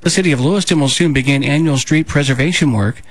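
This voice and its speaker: A man in a radio studio reading local news bulletins in a steady, measured delivery. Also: fairly high pitch, no echo. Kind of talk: scripted local news read.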